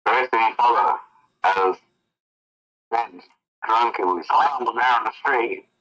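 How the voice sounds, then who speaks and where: A man narrating as game master of a tabletop game, telling the scene in a casual, relaxed way. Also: mid-range voice, slow, rough recording.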